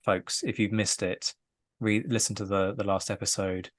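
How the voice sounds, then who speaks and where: A man appearing as a guest in a casual history discussion, animated and wry, laughing lightly as he makes his points. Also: on the low side, moderate pace.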